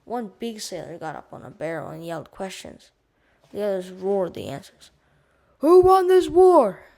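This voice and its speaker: Woman reading a kids book out loud for homeschool, creaky voice, trips over words and explains stuff. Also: on the low side, moderate pace. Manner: stumbles and restarts, adds explanations. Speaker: audiobook reader. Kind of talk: casual read-aloud for homeschool.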